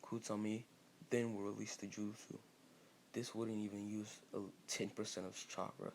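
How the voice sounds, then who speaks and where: Gravelly low-voiced man telling a fan story. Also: flat delivery, moderate pace, darkish tone, a little hiss or hum. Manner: rambling, with many fillers and restarts. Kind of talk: casual improvised story narration.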